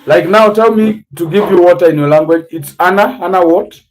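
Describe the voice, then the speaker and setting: A man with an East African accent hosting a casual livestream, teaching words slowly and spelling them out letter by letter. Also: high voice, low-quality recording. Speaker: livestream host.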